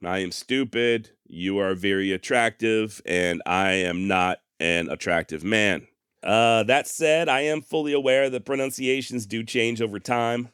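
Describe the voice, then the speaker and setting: In studio-quality audio with no room sound, a podcast host narrates history casually, poking fun at himself with sarcastic, folksy wit. His medium-pitched voice is clear, resonant, and fairly bright.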